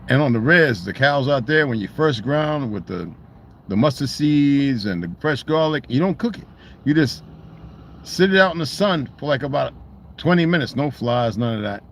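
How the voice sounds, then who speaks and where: A man's voice: medium pitch, animated, normal speed, slight background noise. A man talking in a loose, rambling monologue, swearing freely and restarting his sentences. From United States. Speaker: channel host.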